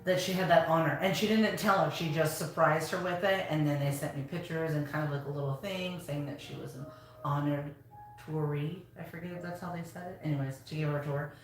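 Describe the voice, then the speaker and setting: A woman's voice: low-pitched, steady tone, brisk. A woman co-hosting a live stream in a casual chat, chatty and full of fillers as she retells things and prompts her co-host. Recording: very echoey room, faint noise.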